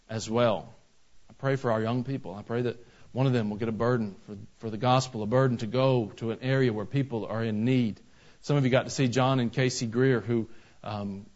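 A man preaching a sermon in a church, telling folksy stories and rising to loud, emphatic bursts. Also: mid-range voice. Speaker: pastor. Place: church sanctuary. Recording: slightly dull lo-fi sound.

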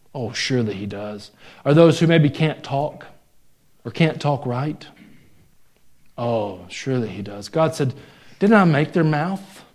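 Man preaching a lively conversational sermon. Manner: conversational, jokes and laughs with the congregation; rises in pitch and volume when stressing a point. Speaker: pastor.

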